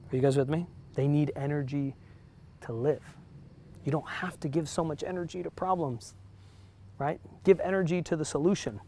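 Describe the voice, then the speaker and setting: A man's voice: a little high, a little hiss or hum. A man with a New Jersey accent giving a motivational talk to realtors, chatty and often checking in with his audience. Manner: conversational, keeps checking in with the audience. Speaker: real estate broker teaching realtors. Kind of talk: motivational talk to a live group.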